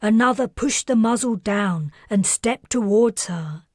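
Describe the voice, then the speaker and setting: Woman author-narrator, calm and measured; slow, husky read. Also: a little high, no room sound, clean studio sound. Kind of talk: scripted narration.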